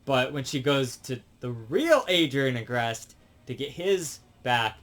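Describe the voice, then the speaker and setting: A man's voice: medium pitch, very animated, fairly bright tone. Rambling male reviewer. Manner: rambling, halting, with many fillers and restarts.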